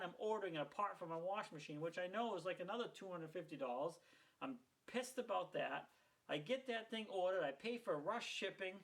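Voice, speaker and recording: A man's voice: high voice, expressive, a little fast, creaky, fairly bright tone, poor audio. A middle-aged man from Maine, casually retelling a plumbing mishap, heated and rambling with plenty of swearing. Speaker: home repair vlogger. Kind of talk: casual storytelling.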